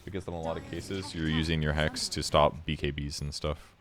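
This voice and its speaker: A man giving casual replay commentary on his own game, relaxed and self-critical as he explains his choices. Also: rumbling low, a little fast, soft background music.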